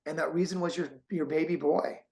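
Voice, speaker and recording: An emotional, encouraging man hosting an interview. His voice sits a little high, and he talks with warmth and feeling. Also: steady tone, brisk. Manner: heartfelt, encouraging, gets emotional. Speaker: host and course creator.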